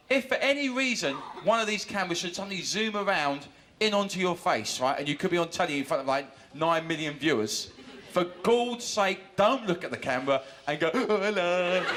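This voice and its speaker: A man warming up a TV studio audience, joking and calling out to the crowd. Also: high-pitched. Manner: cheeky, joking, shouting to the crowd. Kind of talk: audience warm-up banter.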